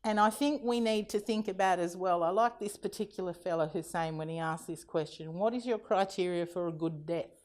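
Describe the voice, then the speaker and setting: A woman's voice: fairly low pitch, brisk, a little mellow. A middle-aged Australian woman giving a keynote talk, telling funny family anecdotes in a chatty way and acting out the quotes, with frequent laughter. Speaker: keynote speaker. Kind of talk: conference keynote storytelling.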